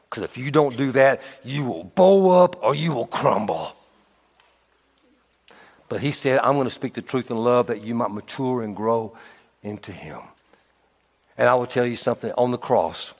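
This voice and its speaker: A man preaching a sermon in an animated way, swinging from hushed tones to emphatic repetition. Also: mid-range voice. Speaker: pastor. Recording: long hall reverb.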